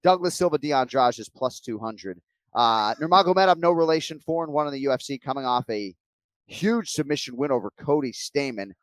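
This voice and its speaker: A man's voice: medium pitch, animated, brisk, no room sound. Conversational male podcast host. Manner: conversational, swears casually, laughs often. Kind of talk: podcast chat, casual fight preview.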